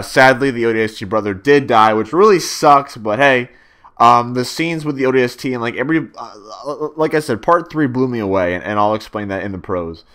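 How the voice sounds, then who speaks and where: A man's voice: on the low side, a bit bright, smooth. A young man giving a casual spoken video review, rambling with many fillers and restarts and swearing freely.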